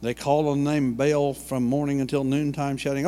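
A man's voice: fairly high pitch, a little fast, few pauses, in a large hall. A man preaching a sermon and retelling a Bible story in a folksy way, full of asides and homey jokes. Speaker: pastor. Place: church sanctuary.

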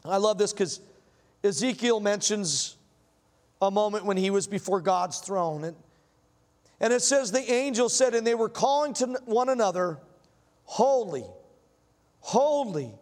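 A man's voice: high voice, moderate pace. A man preaching a sermon in a church, telling folksy stories and asking the congregation questions. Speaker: pastor. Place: church sanctuary. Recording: long hall reverb.

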